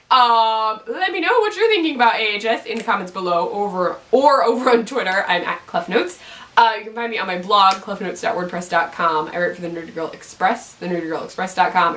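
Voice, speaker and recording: Woman vlogging, chatty, says like and um a lot, bright highish voice, a bit off mic. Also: distant mic. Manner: chatty, full of "like" and "um", excitable asides. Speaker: YouTube TV recap host. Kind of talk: casual chat.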